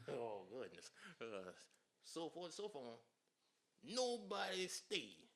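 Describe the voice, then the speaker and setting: Lively man telling stories. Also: fairly high pitch, slow. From South Carolina. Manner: animated storyteller, laughs often, acts out quotes. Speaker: guest. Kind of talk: casual storytelling interview.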